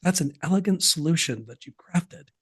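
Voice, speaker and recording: A man's voice: on the high side, expressive, moderate pace, husky, dry recording, studio quality. A man guesting on a podcast interview, talking about business systems in an emphatic, folksy way with sports analogies.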